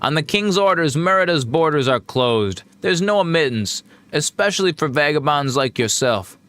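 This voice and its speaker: A man's voice: fairly high pitch, lively intonation, moderate pace, a bit bright, no echo, voice pushed up. A man voicing a stern, bureaucratic male gate guard who speaks in curt, dismissive orders.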